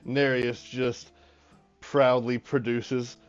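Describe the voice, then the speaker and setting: A man's voice: medium pitch, little pitch movement, drawn-out words, clean tone, soft background music. Man narrating as game master, lo-fi sound.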